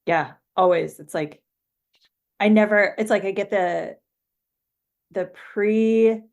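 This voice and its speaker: A woman's voice: medium pitch, a little slow, vocal fry, darkish tone, dull audio. A woman co-hosting a podcast, talking in hesitant, filler-heavy casual chat and laughing often. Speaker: podcast co-host.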